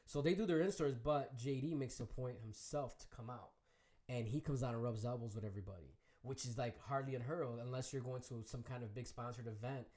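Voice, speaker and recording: Fast-talking man telling a story. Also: mid-range voice. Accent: Chicago. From Chicago area. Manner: animated storyteller, acts out quoted voices. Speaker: guest DJ. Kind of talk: casual interview storytelling.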